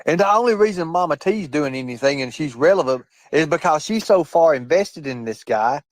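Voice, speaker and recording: A man's voice: on the high side, animated, fairly quick, dry recording. A man hosting a live stream, ranting combatively and swearing heavily, often repeating himself and addressing his chat directly. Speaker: livestream host. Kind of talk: profane live-stream rant.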